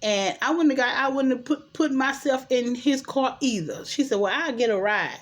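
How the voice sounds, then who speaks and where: A woman's voice: sits high, moderate pace. Chatty woman recapping a TV episode. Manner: chatty, animated retelling with quoted dialogue and opinions. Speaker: show recap host.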